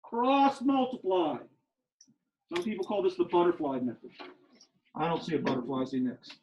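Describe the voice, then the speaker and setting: A man's voice: a little high, lively intonation, fast talker, a little mellow, slight background noise. Teasing man teaching math, muffled. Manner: emphatic, repeats key steps, teasing and sarcastic with students. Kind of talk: classroom teaching. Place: classroom.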